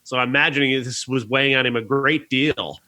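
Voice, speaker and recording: Male podcast critic, bright edge to the voice, earnest rambling delivery. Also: medium pitch, a little fast. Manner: earnest, rambling, frequent restarts and laughs. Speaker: podcast movie reviewer. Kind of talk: casual review chat.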